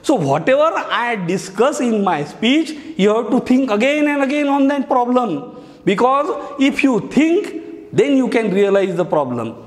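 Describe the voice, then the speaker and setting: A man's voice: very high-pitched, very animated, a little slow. A male teacher giving a lesson on speech writing, explaining each step and repeating key phrases. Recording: echoey hall.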